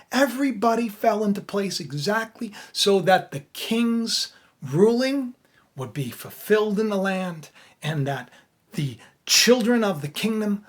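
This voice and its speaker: A man retelling a Bible story in a casual, animated sermon, chatty and often laughing. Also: high-pitched, breathy edge. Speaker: preacher, storyteller.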